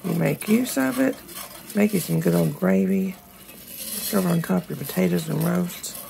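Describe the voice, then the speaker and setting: A hoarse woman, chatting to viewers while she cooks in her home kitchen, filmed on a handheld phone. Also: fairly low pitch, moderate pace, dark tone, slight background noise, rough recording. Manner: chatty, talks straight to viewers. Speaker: home cooking channel host. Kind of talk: casual cooking demonstration. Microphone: phone held in one hand.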